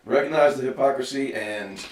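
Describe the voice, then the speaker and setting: A man's voice: medium pitch, normal speed, a little mellow, recorded from a distance. Earnest rambling man, echoey room. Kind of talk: casual political chat.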